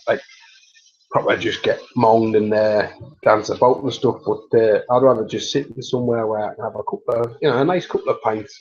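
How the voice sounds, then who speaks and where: A man's voice: fairly low pitch, darkish tone, lo-fi sound. A man chatting casually and jokily on a livestream, rambling and laughing often. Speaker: livestream host.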